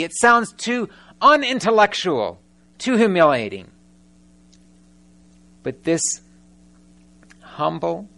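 A man delivers a sermon in a fairly high voice. He tells the story with animated storytelling, stepping into the characters' voices now and then. He keeps turning to the congregation with rhetorical questions. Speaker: preacher.

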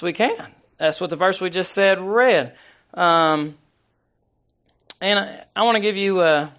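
Pastor preaching, slightly high voice. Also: male voice, creaky, a bit bright. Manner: conversational preaching with many fillers and restarts, scripture read aloud. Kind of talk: sermon.

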